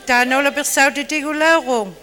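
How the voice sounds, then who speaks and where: A high, bright voice interprets a sermon phrase by phrase in quick turns. It echoes the preacher's acting with sudden shouts. Long church-hall reverb hangs on each line. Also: steady tone, faint music behind.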